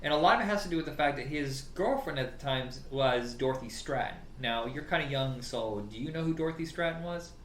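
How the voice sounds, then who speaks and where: A man's voice: medium pitch, fairly quick, few pauses. Guy ranting about old movies, cusses a lot, laughs a bunch, roomy echo, a little noise behind. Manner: animated, swears freely, laughs often. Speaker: podcast co-host. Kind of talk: casual film chat. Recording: roomy with faint background noise.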